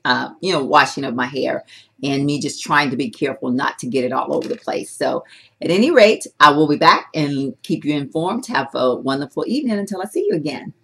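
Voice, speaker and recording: A woman's voice: deep voice, fairly quick, gravelly. Chatty, rambling woman beauty vlogger. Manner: chatty, rambling, animated, talks with her hands. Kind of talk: casual product-testing vlog.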